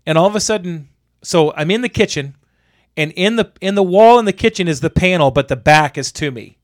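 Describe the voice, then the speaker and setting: Animated, cursing man telling a story. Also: sits high, brisk. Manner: animated, profane, exasperated. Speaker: storyteller, electrician. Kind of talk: casual podcast storytelling.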